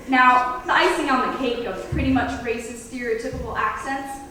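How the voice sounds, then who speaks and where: High-voiced woman giving a speech in an echoey hall. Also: moderate pace, hardly any pauses, recorded from a distance, a crowd in the background. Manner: emphatic, dipping into mock accents. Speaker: student speech contestant. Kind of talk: prepared competition speech. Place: school hall.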